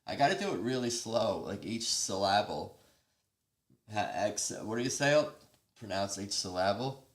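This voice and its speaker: A man's voice: fairly low pitch, expressive, unhurried, echoey room. Rambling man hosting a live stream. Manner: rambling, self-interrupting, chatting with viewers. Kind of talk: casual live stream chat.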